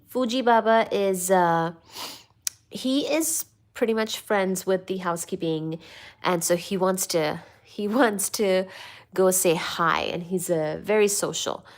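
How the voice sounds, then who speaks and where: A woman chatting casually on a home live stream, greeting viewers and reading their comments aloud. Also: a little slow. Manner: reads viewer comments aloud, coos to her cats in a high baby voice. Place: home, upstairs room.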